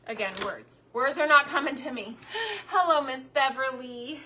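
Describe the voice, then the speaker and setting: A middle-aged woman chatting casually on a homemaking livestream, searching for words between fillers, her throat a bit hoarse. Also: high voice, expressive, normal speed, a little hiss or hum. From Texas. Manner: chatty, warm Southern drawl with frequent fillers and word searches.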